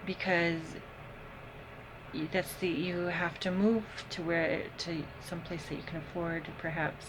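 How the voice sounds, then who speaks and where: A woman giving a casual tarot reading, unhurried and thinking aloud with frequent pauses and ums. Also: lowish voice, little pitch movement, noisy background. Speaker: tarot reader.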